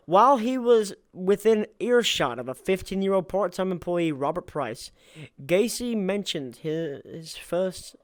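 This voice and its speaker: A man's voice: sits high, no room sound. A man co-hosting a casual true-crime podcast, reading case notes aloud, tripping over names and swearing casually.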